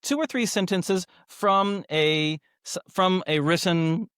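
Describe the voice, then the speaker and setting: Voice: medium pitch, slow pace, fairly bright tone, clear, resonant tone, no room sound, studio quality. Easygoing host from New Zealand. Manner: easygoing, laughs along. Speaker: podcast host. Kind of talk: casual podcast chat.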